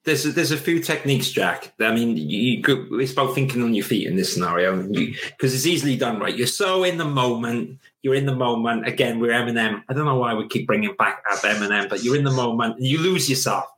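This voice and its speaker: A man's voice: fast, few pauses. A young man co-hosting a casual chat show, giving career advice and acting out little scenes in a raised voice. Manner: animated, acts out little scenes in a higher voice.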